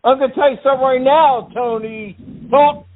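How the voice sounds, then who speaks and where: A man's voice: extremely high pitch, measured pace. A prank caller voicing an aggressive, hot-tempered tough guy making repeated threats. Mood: furious. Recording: tinny phone line.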